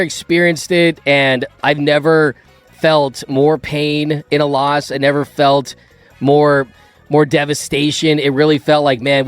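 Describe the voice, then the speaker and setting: A middle-aged man hosting a sports talk show, telling lively stories in a casual, animated way. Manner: animated, acts out his own past outbursts in a higher voice. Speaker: sports podcast host. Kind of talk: casual storytelling chat.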